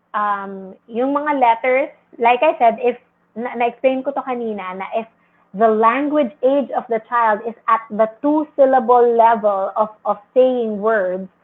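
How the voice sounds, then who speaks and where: A Filipino woman speech therapist answering parents on a livestream, gently explaining and mixing languages, sometimes acting out a parent's lines in a high exaggerated voice. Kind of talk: livestream Q&A advice. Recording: tinny phone-like livestream audio.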